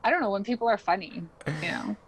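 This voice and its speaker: A woman's voice: mid-range voice, sing-song, fast, poor audio. A young adult woman chatting casually as a podcast guest, laughing often and filling her talk with likes and ums. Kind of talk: casual interview chat.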